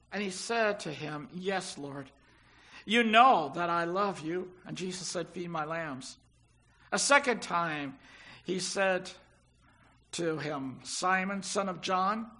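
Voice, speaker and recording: A man's voice: high-pitched, bright, forceful tone. An older man preaching a sermon, retelling scripture with rising, emphatic delivery.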